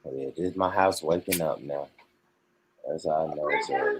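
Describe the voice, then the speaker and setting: A man's voice: a bass voice, moderate pace, background noise. A man hosting a casual livestream from home, joking and swearing playfully. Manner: playful, profane, joking banter. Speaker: livestream host. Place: at home, early morning.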